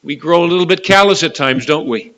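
A man preaching a sermon with passion, rising to loud, high peaks and dropping to hushed, slow lows. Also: poor audio. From Canada.

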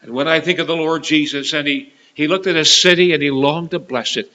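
A man preaching a sermon with passion, rising to loud, high peaks and dropping to hushed, slow lows. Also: steady tone, poor audio. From Canada.

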